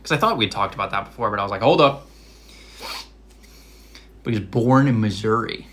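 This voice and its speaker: A man's voice: on the low side, fast talker, fairly bright tone, a little hiss or hum. A young man with a Rhode Island accent, chatting casually on a live stream from his home kitchen, full of fillers. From Massachusetts. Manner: chatty, many likes and fillers.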